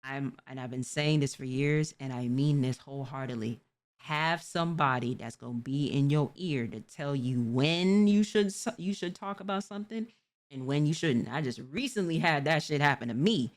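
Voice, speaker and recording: A woman's voice: low voice, moderate pace. A woman in her twenties hosting a live stream, reacting casually and candidly lecturing with advice. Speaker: streamer host.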